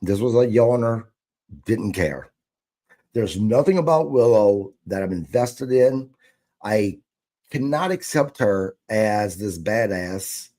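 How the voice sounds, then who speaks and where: A man's voice: on the low side, lively intonation, slow, warm tone. A man co-hosting a casual wrestling podcast, blunt and dismissive, swearing freely. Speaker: podcast co-host.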